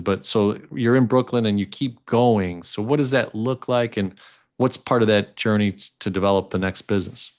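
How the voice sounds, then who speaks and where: A man hosting an interview, asking long, rambling questions with many restarts and fillers. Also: lowish voice. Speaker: interview host.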